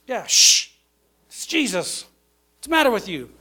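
A man preaching, voicing irritable crowd members who sharply hush a beggar. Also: high-pitched, sing-song, measured pace, breathy edge, full character voice. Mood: scolding. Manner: sharp, scolding hushes.

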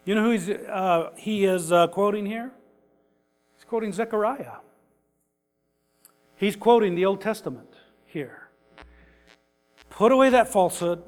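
High-voiced older pastor preaching in a hall. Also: male voice, lively intonation, measured pace, pauses often. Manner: folksy, chuckling, rising to emphatic preaching. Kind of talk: conversational sermon. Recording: reverberant hall.

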